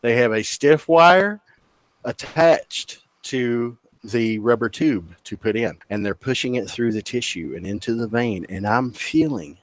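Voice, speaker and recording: A man's voice: medium pitch, a little slow. Profane, joking man telling a story. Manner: profane, self-mocking, stammers on restarts. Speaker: podcast guest. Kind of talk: casual storytelling.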